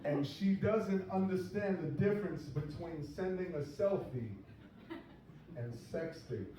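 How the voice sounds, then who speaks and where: A man's voice: high-pitched, measured pace, heavy background noise. A man doing a crude stand-up comedy set, telling raunchy stories. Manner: crude, boastful storytelling. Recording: echoey club heard from far.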